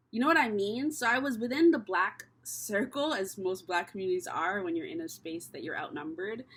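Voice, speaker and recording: A young woman from Canada talks through a tarot spread in a loose, chatty way, swearing freely as she thinks aloud. Her voice sits at a middle pitch for a woman. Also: fairly bright tone, slightly rough. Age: young adult. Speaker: tarot reader. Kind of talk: casual tarot reading vlog.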